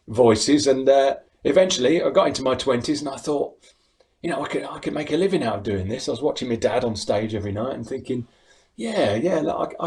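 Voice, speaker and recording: A man's voice: medium pitch, a little mellow. A middle-aged English man chatting on a video call as an interview guest, laughing often and restarting his sentences. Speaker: impressionist guest. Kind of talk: casual interview chat.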